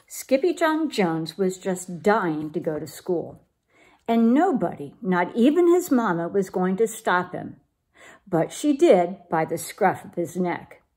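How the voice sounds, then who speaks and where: A woman reads a children's picture book aloud with lively, expressive storytelling. Her voice is a little husky and sits fairly high, and her pitch rises and falls freely. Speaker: children's program leader.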